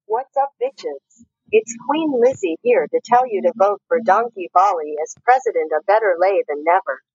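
A voicemail caller doing a crude, cheeky impression of an elderly queen, with a husky voice. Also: medium pitch, sing-song, moderate pace, darkish tone, no room sound, highs cut off.

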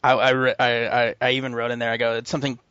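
A man's voice: medium pitch, flat delivery, rapid-fire, bright, forceful tone, clear, resonant tone, dry recording, lo-fi sound. A man with a West Coast American accent co-hosting a casual tech news podcast, rambling with restarts and laughing often. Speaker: podcast co-host.

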